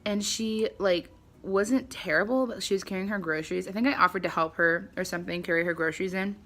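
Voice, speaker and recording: A young woman telling a casual storytime vlog at home, chatty and animated, acting out the people she quotes. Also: mid-range voice, brisk. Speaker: vlogger. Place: her home, at a table by the front door.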